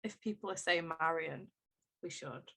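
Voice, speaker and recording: Bright, chatty woman podcast host. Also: on the low side, creaky, slightly rough. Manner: chatty and enthusiastic, quick laughs. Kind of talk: casual chat.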